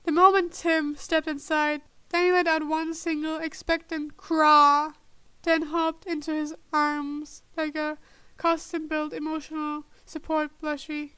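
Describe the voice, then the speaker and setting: A woman reads a fan-written story in a slow, measured way. Her voice is high and bright but stays level in pitch. The recording is close and dry. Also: little pitch movement, dry recording. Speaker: podfic reader. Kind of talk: reading fanfiction aloud.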